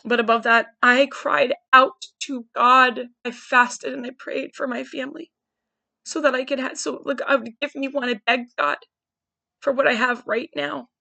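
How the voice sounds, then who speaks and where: A woman's voice: sits high, fairly even intonation, moderate pace, vocal fry, bright, forceful tone, dry recording. A woman in her forties hosting a podcast, candidly thinking aloud in a searching, wry monologue. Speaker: podcast host. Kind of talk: personal reflective monologue.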